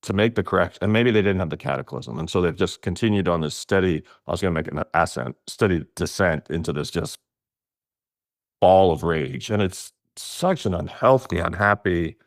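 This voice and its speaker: A middle-aged man whose voice sits low speaks at a normal speed, recorded in studio quality with no echo. Casual and animated as he tells stories, he laughs often, and his voice jumps up for emphasis.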